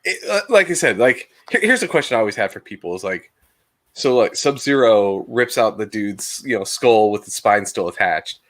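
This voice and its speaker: A man co-hosting a casual podcast, telling stories in a jokey, animated way. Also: lowish voice, normal speed. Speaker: podcast co-host. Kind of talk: casual chat.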